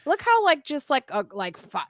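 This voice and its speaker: A woman's voice: sits high, wildly swooping pitch, normal speed, a bit bright, dry recording, studio quality. A woman co-hosting a podcast in casual chat, telling stories animatedly and laughing often. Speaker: podcast co-host.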